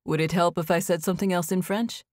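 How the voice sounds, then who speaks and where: A woman narrator voicing a calm, gentle man around thirty in audiobook dialogue, speaking in an even, measured way. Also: on the low side, no room sound, clean studio sound, natural voice.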